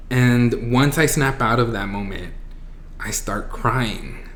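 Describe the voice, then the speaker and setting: A man's voice: medium pitch, slow, fairly bright tone, slight background noise. A man in his twenties telling a personal story to his viewers, casual and emotional, with lots of "like"s and some Spanish phrases. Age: 20s. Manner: emotional, voice breaking near tears at times. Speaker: vlogger. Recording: echoey room.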